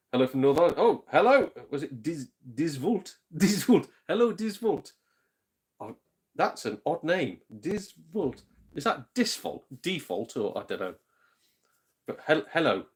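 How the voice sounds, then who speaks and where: A man's voice: medium pitch, animated, normal speed. A man chatting casually on a live stream, rambling, laughing often and greeting viewers. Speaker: YouTube gaming channel host.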